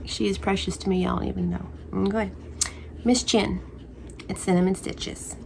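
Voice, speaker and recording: A woman's voice: medium pitch, steady tone, moderate pace, vocal fry, slight background noise. A woman crochet vlogger chatting casually at home, rambling and playful with spooky asides. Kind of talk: casual chat.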